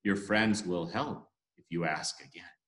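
A man voicing a gentle, soothing spirit in a storybook tale, in an echoey room. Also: low-pitched, a little slow, voice pushed down. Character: gentle guiding spirit, calm and low.

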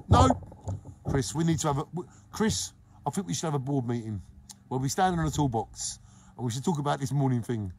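A middle-aged man from England hosting a live stream, greeting viewers by name in an exuberant, sing-song way that swings between loud and hushed. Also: fairly high pitch. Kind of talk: casual live-stream chat, reading comments.

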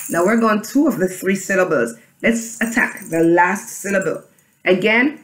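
A woman's voice: mid-range voice, expressive, normal speed, echoey room, music in the background. A woman teaching a children's phonics reading lesson, chanting and spelling letters aloud with her class. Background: tambourine jangling.

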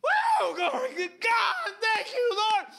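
A man acting out an overjoyed groom at the altar, shouting and whooping praise. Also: extremely high pitch, huge pitch swings, slow, vocal fry, noisy background, voice pushed up, heavily acted. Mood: ecstatic shouting.

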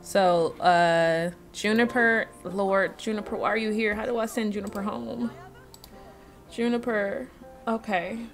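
A woman's voice: medium pitch, fairly even intonation, a little slow, soft background music. A woman giving casual gameplay commentary, thinking aloud and chatting to the characters on screen. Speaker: let's-play host.

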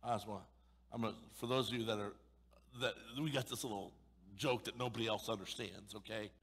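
A male pastor preaching an emphatic, sarcastic sermon, swinging between loud pushes and sudden hushed asides. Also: fairly low pitch, steady tone, a little fast, breathy edge, long reverb tail. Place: church sanctuary.

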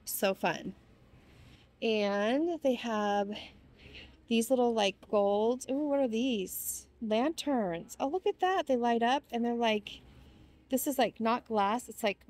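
Young woman vlogger, bubbly and excitable, talking through a shopping walk-through in a large store. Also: on the high side. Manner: gushing, gasping with delight. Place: inside a large retail store.

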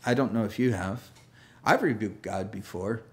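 Man preaching a lively conversational sermon. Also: fairly low pitch, moderate pace. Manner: lively storyteller, acts out quoted voices, self-deprecating humor. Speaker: pastor.

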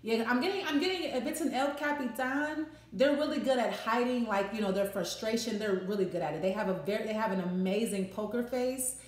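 A woman's voice: fairly high pitch, brisk, few pauses, echoey room. Chatty woman doing a tarot reading. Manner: chatty, swears freely, repeats and restarts phrases. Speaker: tarot reader. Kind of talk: casual tarot reading to camera.

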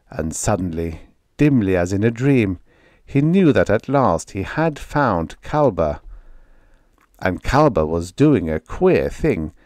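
Close on a studio mic, a man with a lowish voice narrates a vintage science fiction audiobook. His storytelling is expressive and dramatic, and the recording is dry.

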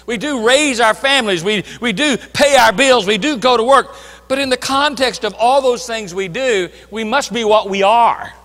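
A man preaching a sermon as pastor, emphatic, swinging between loud declarations and hushed asides. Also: very high voice, normal speed, in a large hall. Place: church sanctuary.

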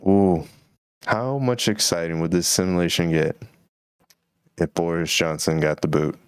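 A man's voice: low voice, fairly even intonation, unhurried, smooth, no room sound, clean studio sound. A man hosting a solo podcast, musing and rambling casually about current events. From Texas. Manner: rambling, musing, laid-back. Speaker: podcast host.

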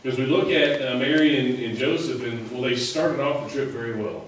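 Speaking briskly at medium pitch, a man gives a rambling, conversational sermon packed with fillers and restarts. A little hiss or hum comes through, and the distant mic picks up the echo of the church sanctuary.

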